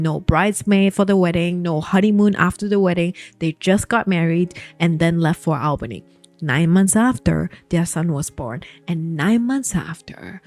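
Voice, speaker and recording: A woman's voice: medium pitch, a little mellow. Chatty woman retelling a novel. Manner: chatty and emphatic, addresses viewers directly. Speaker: book storytime host. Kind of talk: casual storytime retelling of a novel.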